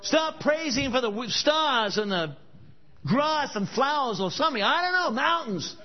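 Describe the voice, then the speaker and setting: High-voiced male preacher, storytelling sermon style, muffled lo-fi sound. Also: very animated, measured pace. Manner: storytelling, emphatic rhetorical questions. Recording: dull lo-fi recording.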